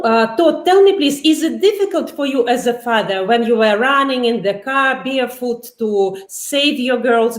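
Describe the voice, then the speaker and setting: Woman interviewer in an echoey room. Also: fairly high pitch. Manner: halting, searching for words. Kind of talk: interview questions.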